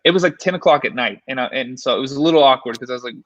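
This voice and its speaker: A man, a paranormal investigator, telling an animated story in a casual interview, full of fillers and restarts. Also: mid-range voice, racing, no echo, highs cut off. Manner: excited, filler-heavy, animated retelling.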